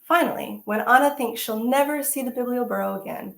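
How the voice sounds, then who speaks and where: Animated woman reading aloud to children. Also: fairly high pitch, brisk, vocal fry, roomy sound. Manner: animated, exclamatory, asks the children questions. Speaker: teaching artist.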